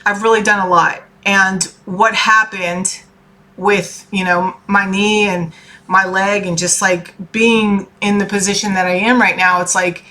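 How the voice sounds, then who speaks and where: Bright-voiced woman giving casual pep talk. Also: mid-range voice, flat delivery, measured pace. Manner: chatty, keeps checking in with "okay?", swears casually; earnest and heartfelt. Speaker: tarot reader and life coach. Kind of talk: casual motivational talk to viewers.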